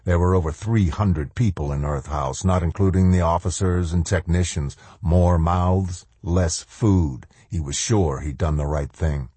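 A man narrating an audiobook in a measured, steady storytelling manner. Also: low voice, breathy edge, dry recording. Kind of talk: scripted narration.

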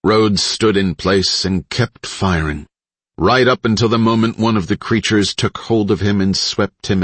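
Male audiobook narrator, deep voice, slightly husky, dry close sound, dramatic steady reading. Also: no echo. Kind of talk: scripted narration.

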